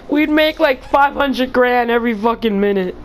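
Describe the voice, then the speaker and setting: Woman gamer, high-pitched and slow-talking, giggly and out of breath, loose profane banter. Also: a little hiss or hum. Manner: giggly, swearing, slangy banter. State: breathless from laughing. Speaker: gamer in voice chat. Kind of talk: casual chat with friends.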